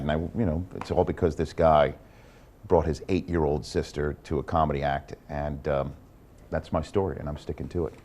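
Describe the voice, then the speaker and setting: A man with a low, deep voice tells a funny story as a game-show guest. His delivery is lively and self-assured. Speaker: guest contestant.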